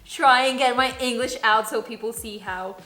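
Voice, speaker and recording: A woman's voice: fairly high pitch, moderate pace, bright, forceful tone. A woman with a Spanish accent, a native Spanish speaker, chatting giggly and casual through a makeup tutorial, swearing freely. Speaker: beauty vlogger. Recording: roomy echo, faint music.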